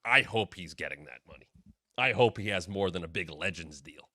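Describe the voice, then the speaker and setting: A man's voice: sits low, lively intonation, normal speed, sharp tone, dry recording, studio quality. A man hosting a wrestling podcast, talking in a blunt, opinionated way with casual swearing. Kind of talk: opinionated commentary.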